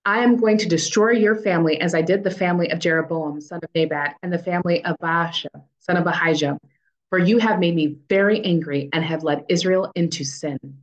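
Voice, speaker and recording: A stern prophet pronouncing judgment in slow, solemn tones, read aloud by a woman. The voice sits a little low and leans on each warning. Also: highs cut off, natural voice.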